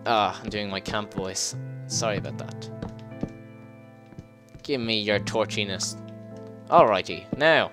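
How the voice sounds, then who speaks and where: Guy doing lets play commentary, kinda low voice, jumpy and sweary, faint music under it. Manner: excitable, swears and laughs, quick yelps when startled. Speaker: let's play gamer. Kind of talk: casual gameplay commentary.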